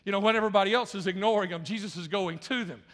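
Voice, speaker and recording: A man's voice: high voice, racing, a bit bright, big-room sound. A male pastor preaching a sermon, impassioned, often repeating words and restarting phrases as he builds.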